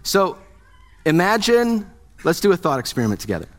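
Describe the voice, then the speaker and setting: A man's voice: high-pitched, big pitch swings, brisk. A man preaching a sermon as a pastor, in a conversational, joking way, asking his congregation questions.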